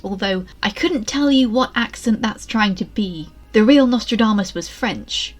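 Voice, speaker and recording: A woman with a posh East Midlands English accent, giving a chatty, wry spoken review with asides. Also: mid-range voice. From England. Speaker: video reviewer.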